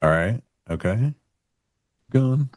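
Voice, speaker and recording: A man's voice: medium pitch, animated, takes it slowly, a little mellow, no echo. A man co-hosting a live trading stream, laid-back with dry ribbing, commenting on his trades. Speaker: co-host and futures trader. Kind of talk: casual live-stream banter.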